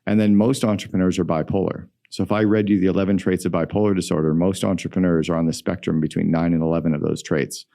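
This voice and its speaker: A middle-aged man, a guest entrepreneur, telling stories in an energetic, emphatic way in a podcast interview. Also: low-pitched, fast, gravelly, hardly any pauses.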